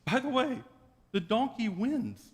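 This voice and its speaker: A man's voice: very high-pitched, very animated, a little slow, big-room sound. A man preaching a sermon as pastor, retelling a story in a wry, joking way. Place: church sanctuary.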